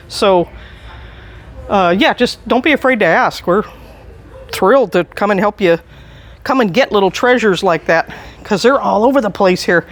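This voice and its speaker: A chatty, enthusiastic staff member giving a casual walking tour indoors in a large antiques mall. They chuckle often and are recorded on a handheld camera while walking. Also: medium pitch.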